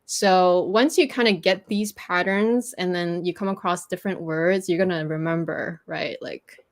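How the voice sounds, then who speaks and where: A woman's voice: fairly low pitch, steady tone, moderate pace. A woman whose first language is French, patiently teaching pronunciation in a casual livestream chat. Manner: patient, explains at length with restarts.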